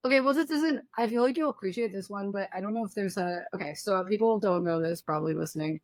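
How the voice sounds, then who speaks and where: A woman's voice: medium pitch, fast, no echo. Young woman guest rambling thru a story, lots of likes and laughs, dry close sound. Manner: animated storyteller, laughing, filler-heavy. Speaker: podcast guest. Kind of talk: casual chat.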